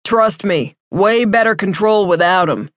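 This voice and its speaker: A woman's voice: mid-range voice, unhurried, no echo, lightly acted. A cocky veteran male pilot, put on by a woman narrator, holds forth with a scoffing, teasing edge. The voice is dry and close, with no room around it, as in a read audiobook.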